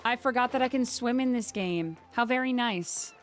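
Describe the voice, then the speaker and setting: A woman's voice: on the high side, moderate pace, slight background noise. Playful woman gaming commentator. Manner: playful, giggly, jokey asides. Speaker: gaming channel host. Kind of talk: let's play commentary.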